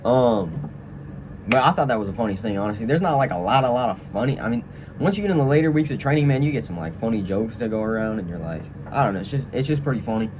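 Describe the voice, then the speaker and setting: A man's voice: mid-range voice, animated, fast, background noise. A young man telling a story casually and walking through a tutorial, rambling with lots of fillers and tag questions. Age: young adult. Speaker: vlogger. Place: room at a training school.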